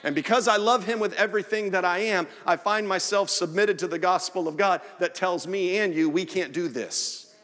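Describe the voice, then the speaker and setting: Man, pastor, sermon, very high voice, echoing church sanctuary. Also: normal speed, fairly bright tone. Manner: earnest preaching with acted-out asides. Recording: long church hall reverb.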